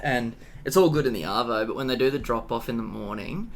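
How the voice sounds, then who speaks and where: A man's voice: mid-range voice, fairly quick, creaky, a little hiss or hum. A young Australian man co-hosting a podcast, rambling and swearing in a laid-back, casual chat. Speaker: podcast co-host.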